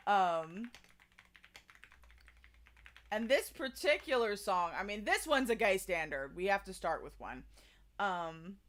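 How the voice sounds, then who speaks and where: A young woman hosting a karaoke stream talks casually to viewers, rambling with lots of fillers and restarts. Her medium-pitched, fairly bright voice swings widely in pitch, and she speaks slowly with frequent pauses.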